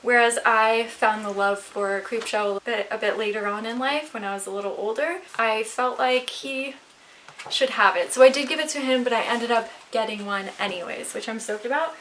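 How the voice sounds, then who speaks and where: A young adult woman showing off her recent purchases in a casual vlog at home, chatty and excitable, a little out of breath. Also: a little high, normal speed, slight background noise. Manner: chatty, excitable, rambling with fillers. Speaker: vlogger. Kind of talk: casual show-and-tell haul video. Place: home, indoors.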